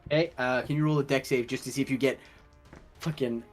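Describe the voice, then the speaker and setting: A young man running a tabletop game as dungeon master, telling the scene in an animated way and laughing often. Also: mid-range voice, faint music behind. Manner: slow, animated storytelling with laughter.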